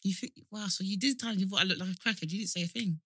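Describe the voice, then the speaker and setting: A young woman, co-hosting a casual podcast chat, animated and teasing with lots of laughter. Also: medium pitch, very fast, slight background noise. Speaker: podcast co-host.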